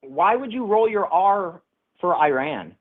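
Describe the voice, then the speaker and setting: A man's voice: high-pitched, lively intonation, a little slow. Dismissive man on a tinny line. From Minnesota. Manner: dismissive, repetitive questioning. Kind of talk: argumentative debate.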